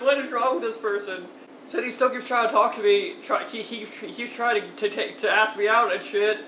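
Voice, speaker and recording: A young woman with a high, bright voice tells a storytime vlog, laughing and cursing as she goes. Her voice rings in an echoey room, and a faint hiss sits behind it. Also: normal speed. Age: young adult. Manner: laughing, swearing, animated storytelling. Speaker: vlogger.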